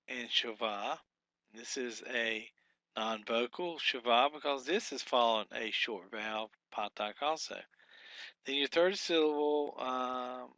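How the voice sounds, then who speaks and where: A man teaching a workbook lesson, talking slowly and deliberately with frequent fillers and repeated words. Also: mid-range voice, pushed and bright, dry recording.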